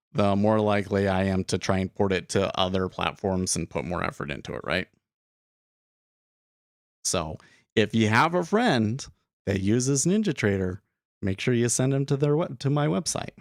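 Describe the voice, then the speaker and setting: A young man chats loosely on a live trading stream, rambling and restarting his sentences as he thinks aloud. His voice sits on the low side, and the sound is dry and close with no room around it. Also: no room sound. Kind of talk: casual live-stream commentary.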